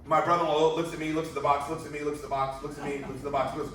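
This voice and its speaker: A man's voice: on the high side, rapid-fire, a little hiss or hum. A man giving a motivational sales presentation, asking the crowd rhetorical questions and telling stories with energy. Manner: rhetorical questions, animated storytelling. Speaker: business presenter. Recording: echoey room from far off.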